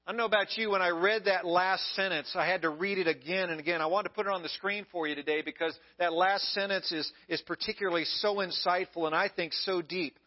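A man's voice: high voice, fairly even intonation, brisk, hardly any pauses. A male pastor preaching a sermon in an emphatic way, repeating key phrases, on a dull lo-fi recording.

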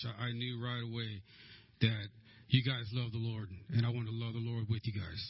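A man's voice: medium pitch, flat delivery, a little fast, dry recording, muffled recording. A man giving a nervous, hesitant church testimony in a church, with many restarts.

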